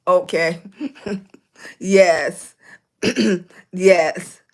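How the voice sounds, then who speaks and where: A middle-aged woman, hosting a casual livestream and greeting viewers warmly as baby and sweetie, hoarse and clearing her throat from a cough. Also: on the low side, fairly even intonation, drawn-out words. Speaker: livestream host.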